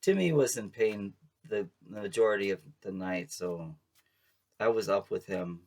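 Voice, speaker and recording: A man's voice: on the low side, normal speed. A man giving a casual tarot reading to camera, chatty and playful, laughing often and making sassy asides. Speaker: tarot reader.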